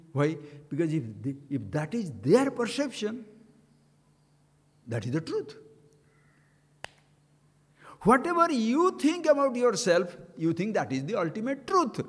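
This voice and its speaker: Animated man teaching in an echoing hall. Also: high voice. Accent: Indian English. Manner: animated, acts out quoted voices, chants scripture. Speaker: spiritual teacher. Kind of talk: spiritual discourse. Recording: long hall reverb.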